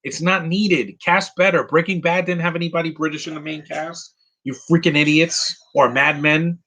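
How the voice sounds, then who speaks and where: A man's voice: on the high side, fairly even intonation, moderate pace, bright, forceful tone, rough recording. A man giving casual live commentary while watching a movie, rambling and opinionated, with many fillers and restarts.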